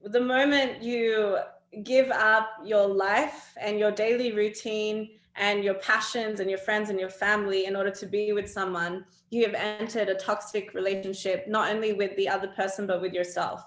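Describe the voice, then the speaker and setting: A woman's voice: medium pitch, steady tone, a bit bright, echoey room. A young adult woman speaking as an interview guest, talking earnestly and reflectively about her own life. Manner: earnest, reflective, quick to laugh. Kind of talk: candid personal talk.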